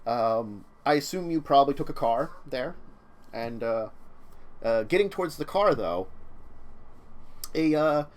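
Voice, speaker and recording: Man, game master, tabletop role-play narration, rambling with fillers, animated pitch. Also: measured pace, long pauses. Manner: rambling, with many fillers and restarts.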